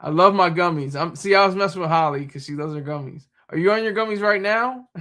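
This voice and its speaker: A man's voice: high-pitched, a little fast, a bit bright. A man streaming live, rambling in casual chat and often laughing while he answers his audience.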